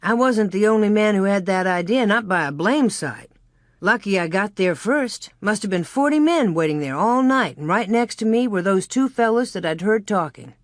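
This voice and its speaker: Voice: mid-range voice, animated, moderate pace, no room sound, clean studio sound, lightly acted. A reader voicing a cheerful frontier father who tells a story with a hearty, folksy manner. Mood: lively telling.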